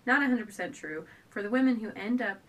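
A woman's voice: fast talker, fairly bright tone. A young pregnant woman chatting casually to her camera at home, rambling and restarting her sentences, often a bit out of breath. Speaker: stay-at-home mom vlogger. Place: at home indoors. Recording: a bit distant from the camera, faint low rumble.

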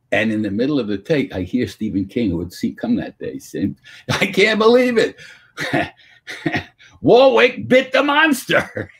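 Husky older man, lively storyteller. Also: lowish voice. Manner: animated anecdotal storyteller. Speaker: guest actor. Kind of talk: storytelling in a video-call Q&A. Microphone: video call.

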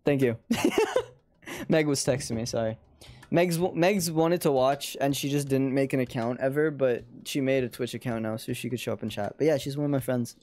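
A young American game streamer talking casually over their play, rambling and laughing often. The voice sits mid-pitch, relaxed and conversational. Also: normal speed, faint music behind. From United States. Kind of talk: casual live-stream commentary.

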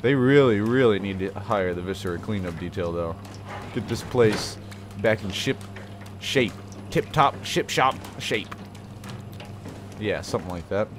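A let's play host gives gameplay commentary on a horror game, joking to himself and blurting startled exclamations. His voice is on the low side at a moderate pace, recorded on a desk mic with a face cam against a noisy background.

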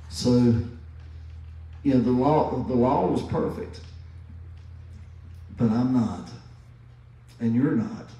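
Pastor, man, 50s: slow, emphatic sermon delivery, mellow tone, heavy church echo. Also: mid-range voice. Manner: slow, emphatic preaching with repeated phrases. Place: church sanctuary. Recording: very echoey church from a distance.

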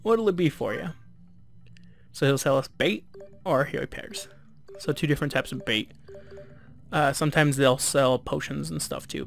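A man giving relaxed, chatty, self-deprecating commentary while playing a video game. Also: medium pitch, vocal fry. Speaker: let's play host. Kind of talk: casual gameplay commentary.

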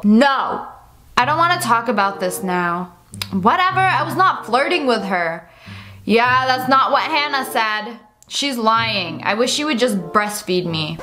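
A woman's voice: fairly high pitch, lively intonation, a little slow, a bit bright. A young woman hosting a video, reading funny texts aloud and reacting with frequent laughter and mocking voices. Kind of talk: casual reaction commentary.

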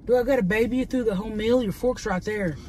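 A woman's voice: on the high side, fast, mellow, a little hiss or hum. A woman, chatting casually while eating on camera, drawling, affectionate and swearing freely. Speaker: mukbang host.

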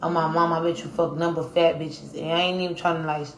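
A woman's voice: low-pitched, flat delivery, quick pace, few pauses, reverberant, recorded from a distance, a little hiss or hum. A young woman chatting casually on a livestream, brashly roasting commenters with heavy profanity. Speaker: livestream host. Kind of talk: casual livestream chat with viewers.

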